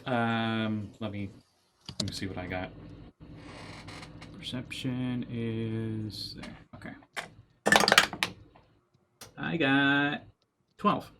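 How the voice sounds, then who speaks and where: A man's voice: medium pitch, drawn-out words, long pauses, noisy background. A man casually chatting and joking as a player and stream host in a tabletop game. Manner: playful, jokey.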